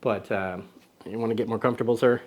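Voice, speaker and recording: A man's voice: fairly low pitch, fairly even intonation, fast talker, a little mellow, a little hiss or hum. A man hosting a casual camera show, joking around, teasing a little sidekick and rambling with self-corrections. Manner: playful, teasing, talks to a little buddy sidekick; loose and rambling, with many ums and self-corrections. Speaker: camera channel host.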